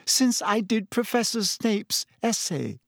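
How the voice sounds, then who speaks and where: A man reading an audiobook puts on the voice of a clever, earnest teenage schoolgirl who speaks quietly. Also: high-pitched, normal speed, no room sound, clean studio sound, pitched above the performer's own voice. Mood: hushed. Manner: quiet, hushed.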